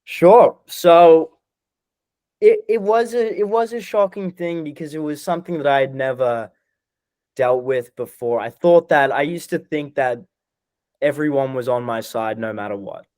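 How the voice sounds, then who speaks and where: A man's voice: on the high side, measured pace, darkish tone, dry recording. A young man in his twenties, speaking hesitantly with many restarts while describing a personal struggle on a podcast. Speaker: guest being coached. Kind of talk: casual podcast conversation.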